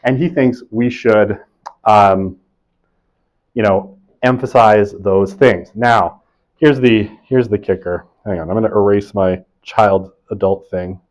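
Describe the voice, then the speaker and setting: A man's voice: on the low side, takes it slowly, low-quality recording. A man in his forties giving a conversational university lecture in a classroom, often checking in with "right?" and adding self-deprecating jokes.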